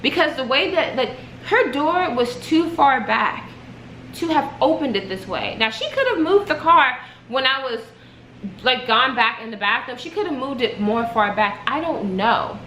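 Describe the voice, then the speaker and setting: A young woman spins a dramatic story for her vlog in a high, animated voice. Her tone is bright and sharp. The room around her is echoey. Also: a little slow, a little hiss or hum. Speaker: vlogger. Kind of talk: casual storytime.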